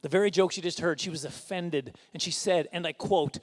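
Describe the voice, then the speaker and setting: A middle-aged man performs stand-up at a fundraising dinner. His voice sits high, and he rambles through his stories. He keeps mocking himself with quick chuckling asides. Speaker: stand-up comedian. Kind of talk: stand-up comedy set.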